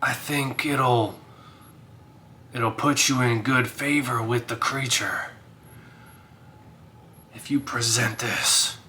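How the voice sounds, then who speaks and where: A man's voice: medium pitch, steady tone, slow, long pauses, bright, forceful tone, slight background noise. A man voicing a wary male wolfkin adventurer with a country western drawl.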